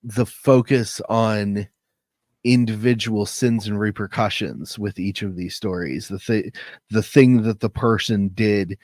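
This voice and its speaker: Low-voiced man, thoughtful podcast guest. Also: steady tone, measured pace, a little mellow, no room sound. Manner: thoughtful, searching for words with fillers. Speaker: editor and literary coach. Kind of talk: casual podcast chat.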